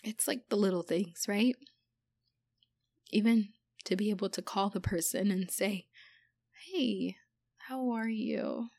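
A woman speaking gently and conversationally, leading a spoken prayer of comfort. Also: mid-range voice, fairly even intonation, moderate pace, pauses often, no echo, clean studio sound. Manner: gentle, conversational, with many fillers. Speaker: prayer leader.

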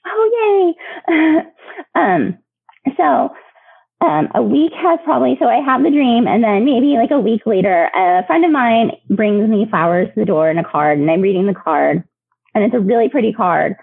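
Woman, 30s, gravelly, lots of ums and laughs, tinny phone sound. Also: a little high, lively intonation, moderate pace, no echo. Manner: chatty, many fillers, laughs often. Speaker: podcast guest. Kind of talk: personal storytelling. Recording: tinny phone-line audio, dry.

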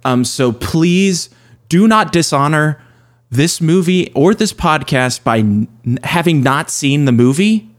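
A man's voice: a little high, expressive, slow. A man hosting a casual movie podcast with playful, self-mocking banter. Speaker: podcast host.

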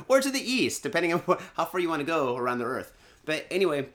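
This casual, rambling podcast chat comes from a Michigan host who swears a lot, jokes around, and leans on fillers while drinking during the day. He talks fast and very animated, with a fairly high, slightly bright voice.

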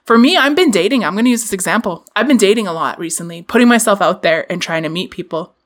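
Woman podcast host, casual pep talk, swears a bit, mid pitch, real candid. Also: lively intonation, quick pace.

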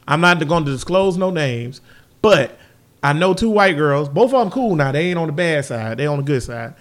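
A man's voice: a little high, animated, normal speed. A man hosting a podcast, talking in loose, joking banter and laughing often. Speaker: podcast host.

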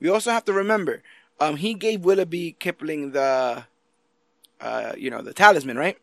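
A man's voice: fairly high pitch, moderate pace, creaky, no echo, clean studio sound. A man in casual podcast chat, recapping TV scenes with animation and acting out the characters' lines. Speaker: podcast co-host.

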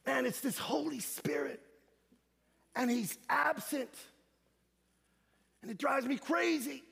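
A man preaching an animated sermon as a guest speaker, with slangy asides and shouted emphasis. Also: very high voice, slow, vocal fry, breathy edge, big-room sound. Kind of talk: energetic sermon. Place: church sanctuary.

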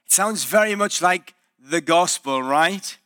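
Bright-voiced, animated preaching man. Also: high voice, unhurried. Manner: animated storytelling preacher, acting out quoted voices. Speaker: pastor. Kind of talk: sermon. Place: church.

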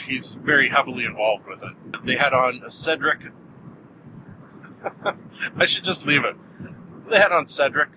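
A man talks through a casual review of television shows, wandering off into jokes and asides about what he just said. His voice sits at an ordinary middle pitch. The recording carries a clear background hiss of passing vehicles. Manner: joking, self-interrupting asides. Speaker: TV review show host. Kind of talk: casual rambling commentary.

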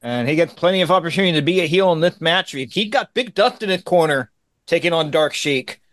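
A man co-hosting a casual podcast, his voice sitting a bit high. He talks emphatically, curses freely and stumbles into restarts. The sound is dry and close. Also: expressive, brisk, fairly bright tone, no echo. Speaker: podcast co-host. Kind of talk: casual chat.

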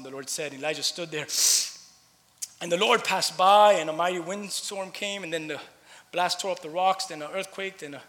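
A man preaching a sermon as a pastor, swinging from loud impassioned preaching to hushed asides. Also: on the high side, a little fast. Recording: long hall reverb.

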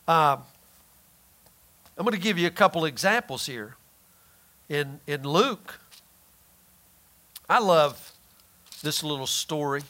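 A man preaching a sermon who asks the listeners questions and answers them himself, drawling some phrases slowly for emphasis. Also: on the high side, expressive, sharp tone.

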